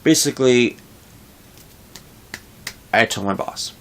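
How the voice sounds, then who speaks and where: A man's voice: medium pitch, slow pace. A young man talking casually in a vlog, venting frustration about his workplace in a rambling way with frequent restarts. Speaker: vlogger.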